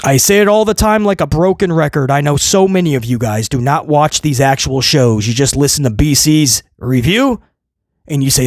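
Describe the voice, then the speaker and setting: Man, wrestling review host, sarcastic rant, high voice, dry close sound. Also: expressive, fairly quick, no echo. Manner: sarcastic, mocking, swings from loud outbursts to low mutters.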